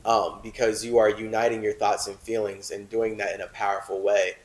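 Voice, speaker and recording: A man hosting a talk show who reads a text aloud and comments on it, switching between solemn reading and animated asides full of "like". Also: on the low side, fairly quick, roomy sound, rough recording. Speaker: host.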